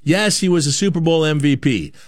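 A man's voice: on the high side, fairly quick, no room sound. A man born in Canada hosting a sports talk show, giving a rambling, opinionated monologue with lots of repeated words.

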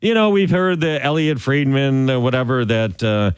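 A man hosting sports talk radio, opinionated and animated, often restarting his sentences. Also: mid-range voice, moderate pace, clean tone, no room sound.

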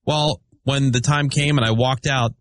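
A man's voice: mid-range voice, fairly even intonation, normal speed, no echo, studio quality. A man hosting a radio show, telling a story in casual chat with many restarts.

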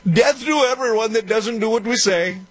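A man's voice: very high voice, normal speed, no echo, pitched above the performer's own voice. A man voicing a mocking caricature of a threatening male foreign leader, ranting in an exaggerated put-on accent. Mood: menacing mock.

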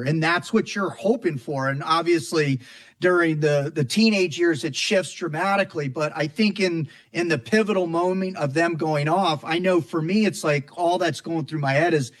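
Heartfelt middle-aged man, halting. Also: fairly high pitch. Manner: heartfelt, reflective, halting with restarts. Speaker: guest. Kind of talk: casual interview chat.

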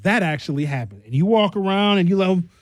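Brief: Wisconsin-bred male host, fairly high voice, animated joking storyteller, dry booth sound. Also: fast talker, no echo. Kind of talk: solo commentary.

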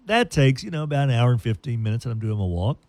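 Animated male radio host telling a story. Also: mid-range voice, quick pace. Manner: animated, playful storyteller who puts on silly voices.

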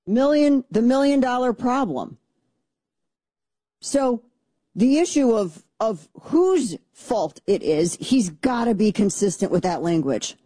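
A woman's voice: a little high, expressive, a little slow, dark tone, dry recording. A middle-aged woman hosting political talk radio, blunt and sarcastic, speaking into a studio microphone. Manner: blunt, combative, sarcastic, mocking mimicry of opponents. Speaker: radio talk show host.

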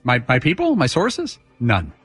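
A man's voice: medium pitch, wildly swooping pitch, a little slow, a bit bright, husky, no echo, soft background music. A man on a sports talk show crew, cracking dry jokes in casual banter. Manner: dry, joking.

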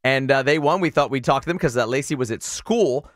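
A man hosting a morning radio show, upbeat and quick to laugh as he chats with callers. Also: mid-range voice, fairly bright tone, no echo, clean studio sound. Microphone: studio microphone.

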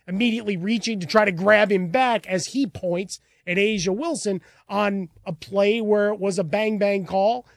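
Male sports radio host, high voice, dry close sound, animated, shouts for emphasis. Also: no echo.

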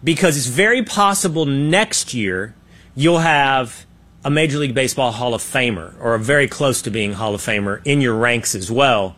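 A man hosting a political talk show, giving opinionated commentary and acting out quotes in an animated way. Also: mid-range voice, normal speed. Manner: animated, acts out quotes in his own voice, trailing restarts.

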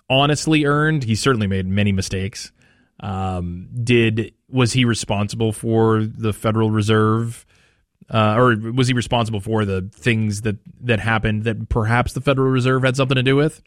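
A man's voice: lowish voice, no room sound. A man hosting a talk radio show, musing casually aloud with plenty of fillers and restarts, speaking into a studio microphone. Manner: conversational, musing, loose with fillers.

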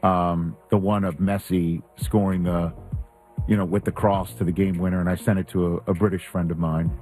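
A man's voice: low-pitched, flat delivery, darkish tone, faint music behind. A man hosting a casual sports talk show, often repeating words as he restarts his sentences. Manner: stammering restarts, quick agreeable interjections. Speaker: sports radio host.

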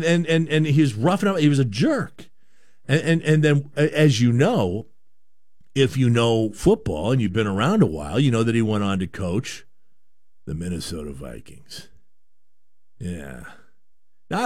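A man from Canada holds forth on a sports talk show, rambling and opinionated. His pitch swings widely as he talks. The sound is close and dry. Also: darkish tone, no echo.

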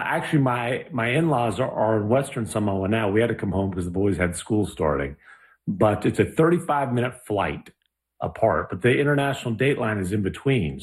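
A man co-hosting a podcast, explaining things in an easygoing, casual chat. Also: on the low side. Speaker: podcast co-host.

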